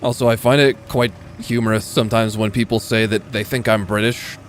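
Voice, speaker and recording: A man's voice: fairly low pitch, fairly even intonation, fairly quick, slight background noise. A young man with an American accent, casually commenting while playing a tank game, joking and swearing. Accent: General American. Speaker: gaming streamer. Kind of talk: live gameplay commentary.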